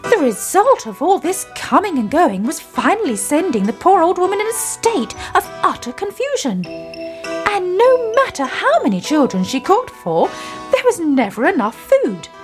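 A woman narrating a children's story in an animated, expressive reading. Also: very high voice, normal speed, soft background music.

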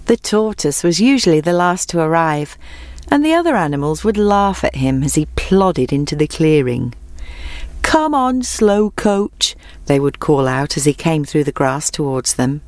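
A woman narrating a children's storybook in a clear, measured storytelling manner. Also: sits low, a little mellow, dry recording. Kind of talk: storybook reading.

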